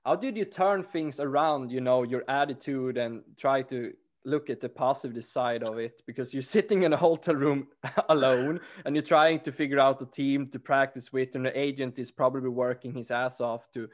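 A man's voice: medium pitch, steady tone, moderate pace, hardly any pauses. Laid-back male podcast host. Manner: laid-back, frequent affirming yeahs and laughs. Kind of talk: casual interview chat.

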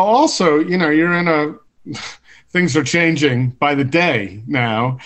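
A male podcast host with a somewhat high voice. He circles around his points in long, conversational questions before he hands the floor to his guest. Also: fairly bright tone. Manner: rambling, musing questions. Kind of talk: casual podcast interview.

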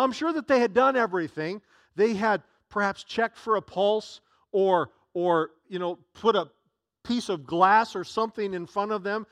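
Male pastor preaching a sermon, high voice, dry close sound, earnest with frequent restarts. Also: a bit bright, dry recording.

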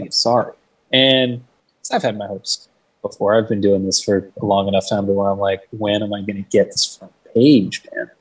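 A man's voice: lowish voice, little pitch movement, normal speed, breathy edge, recorded from a distance, low-quality recording. A young man telling a story in a casual interview. He swears freely, fills his talk with "like", and acts out the voices of the people he quotes. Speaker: guest. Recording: mic set back from the speaker.

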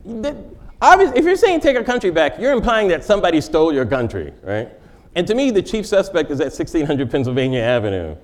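A man's voice: fairly high pitch, wildly swooping pitch, a little fast. A male comedian giving a wry comic lecture in a large forum, interviewing himself and laughing at his own jokes.

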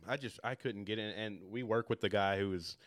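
A man's voice: fairly low pitch, steady tone, a little fast, roomy sound. A man co-hosting a podcast, chatting casually in a laid-back way and trailing off mid-thought. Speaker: podcast co-host. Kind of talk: casual chat.

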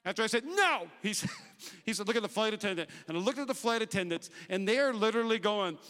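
High bright animated male preacher. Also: fast. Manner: animated storytelling, swings from hushed to shouting. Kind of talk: sermon. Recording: reverberant hall.

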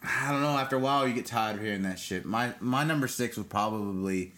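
A man's voice: lowish voice, quick pace, a bit bright. A man co-hosting a casual podcast, telling rambling stories with crude, joking humor. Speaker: podcast co-host.

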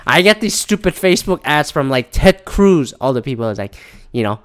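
A man's voice: a little high, big pitch swings, a little fast, fairly bright tone, clean tone. Profane, heated man ranting. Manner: profane, heated, mimics others in mocking voices. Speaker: commentator. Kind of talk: ranting casual commentary.

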